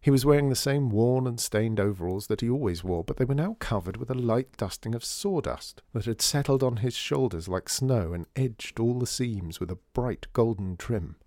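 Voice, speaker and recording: A man narrating an audiobook with expressive storytelling. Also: mid-range voice, normal speed, few pauses, no room sound, clean studio sound.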